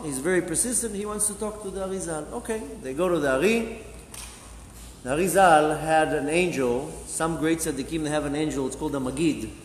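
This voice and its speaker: A fairly high-voiced rabbi tells a story to his class, acting out each character's lines with animation. He is recorded in a synagogue hall with a long, roomy echo and faint background ambience. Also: a little hiss or hum.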